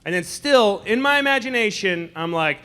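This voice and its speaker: A man in his forties doing a stand-up comedy set in a club, animated and acting out people with shouted asides. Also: sits high, normal speed, clean tone. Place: comedy club stage before a live audience.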